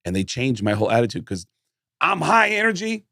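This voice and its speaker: Comedian guest, male, energetic storyteller who mimics people, dry close mic. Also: mid-range voice, fairly quick, vocal fry, dry recording. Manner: animated storyteller who acts out voices. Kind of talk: casual storytelling chat.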